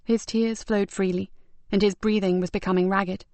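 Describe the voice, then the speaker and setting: A woman narrating a crime novel audiobook in a measured, even storytelling manner. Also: medium pitch, no room sound. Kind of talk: scripted narration.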